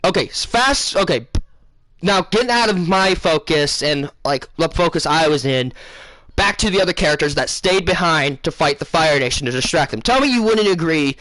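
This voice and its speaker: A man casually telling his viewers a long dream story, rambling, losing his place and filling pauses with um and uh. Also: on the high side, animated, sharp tone, no echo. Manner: rambling, loses his place, many fillers. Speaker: gaming channel host.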